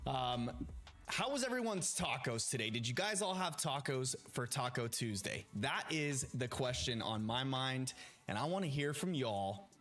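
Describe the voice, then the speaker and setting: A man's voice: medium pitch, animated, unhurried, a bit bright. A man chatting casually to viewers during a live stream, upbeat and greeting people by name. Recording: faint music behind.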